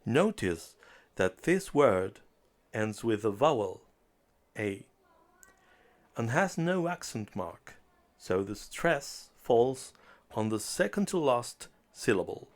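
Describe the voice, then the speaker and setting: A man delivers a beginner language lesson at an unhurried pace, his voice sitting in a middle register. He speaks in a deliberate, carefully enunciated scripted manner, pausing between short phrases. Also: mid-range voice, big pitch swings. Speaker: language teacher.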